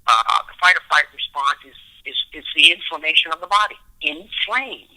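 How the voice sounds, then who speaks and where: A man's voice: a little high, moderate pace, sharp tone, rough recording. A man speaking as a podcast guest, explaining brain science through everyday stories from his own life. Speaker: podcast guest, relationship expert. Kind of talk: podcast interview.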